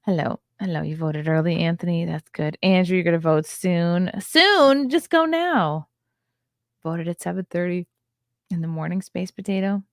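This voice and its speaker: Tired, low-voiced woman host. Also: flat delivery, fairly quick, vocal fry, darkish tone, no echo, studio quality. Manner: chatty, rambling, reads chat aloud. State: tired and yawning. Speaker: podcast host. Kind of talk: casual livestream chat with viewers.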